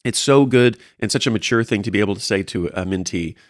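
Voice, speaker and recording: A man talks quickly and earnestly about guiding young people, with a fairly low voice. He restarts phrases often as he encourages his listeners. The sound is dry and close. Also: no room sound. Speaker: co-host discussing mentoring. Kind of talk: casual faith-based discussion.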